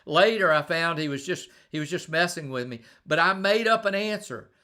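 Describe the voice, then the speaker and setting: A man's voice: on the high side, normal speed, pushed and bright. A middle-aged man giving a conversational live-streamed leadership talk, telling stories and often repeating and restarting words. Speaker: leadership speaker.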